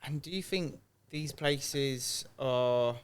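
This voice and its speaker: A man's voice: mid-range voice, slow pace, clear, resonant tone. A man hosting a podcast interview, asking short probing follow-up questions. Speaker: podcast host.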